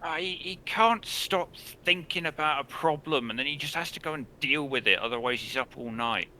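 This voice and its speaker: A man's voice: a little high, normal speed, bright, forceful tone, slight background noise, voice pushed up. A man voicing a blunt, foul-mouthed teenage girl in a tabletop game. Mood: exasperated. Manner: swears bluntly.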